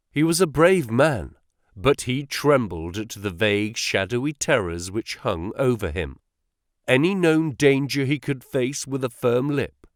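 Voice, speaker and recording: A man narrating a classic novel as an audiobook in a measured, expressive way. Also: medium pitch, no room sound, studio quality.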